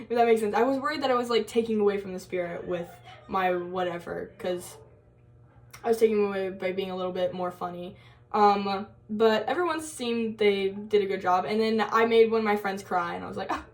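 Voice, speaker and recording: A young woman telling a story in a casual college vlog, chatty and giggly, full of fillers and quoted asides. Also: mid-range voice. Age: young adult. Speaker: college vlogger.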